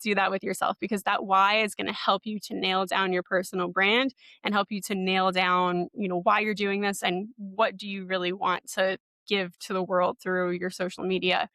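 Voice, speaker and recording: Young woman coach, mid-range voice, relaxed and upbeat, filler-heavy talk, dry recording. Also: medium pitch, moderate pace, hardly any pauses, no room sound. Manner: casual, encouraging, many "like" and "you know" fillers. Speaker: podcast host and marketing coach. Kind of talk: webinar teaching.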